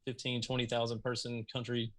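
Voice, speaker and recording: A man from Mississippi with a Southern accent, a podcast guest telling stories in an animated, casual way over a video call. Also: mid-range voice, brisk. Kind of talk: casual storytelling.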